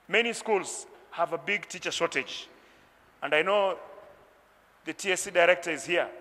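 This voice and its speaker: A man's voice: a little high, sharp tone, in a large hall. A man giving an impassioned, emphatic speech at an education meeting. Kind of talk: formal public speech.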